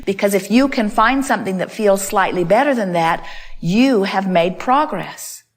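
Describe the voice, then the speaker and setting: Woman, mid-pitched, emphatic seminar speaker, repeats her phrases for effect. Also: lively intonation, normal speed. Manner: emphatic, repeats phrases like "in other words" and "you see". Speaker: inspirational speaker answering audience questions. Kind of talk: seminar talk on stage.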